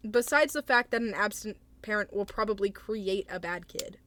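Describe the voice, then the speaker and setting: A young woman talks casually on a livestream, answering chat in a hesitant, apologetic way. She trails off, restarts and laughs awkwardly. Her voice sits at an ordinary middle pitch for a woman. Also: lively intonation, moderate pace, a bit bright, slight background noise. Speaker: streamer.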